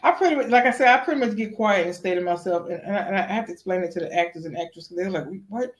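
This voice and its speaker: An actress being interviewed, telling stories in a lively, animated way and acting out the voices of the people she quotes. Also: racing, slight background noise. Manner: acts out quotes with big pitch jumps. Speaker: actress guest. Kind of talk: animated storytelling.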